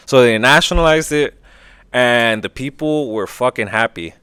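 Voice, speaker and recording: A man hosting a casual history podcast, opinionated and profane, briefly acting out quick voices. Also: mid-range voice, fairly bright tone, clean tone, no echo. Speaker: podcast host.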